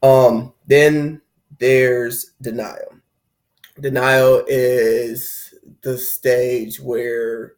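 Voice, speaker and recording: A man's voice: mid-range voice, darkish tone. A young man hosting a spiritual talk on heartbreak, speaking loosely and conversationally and acting out the inner voices of people going through it. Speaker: spiritual video host. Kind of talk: casual spoken talk on heartbreak.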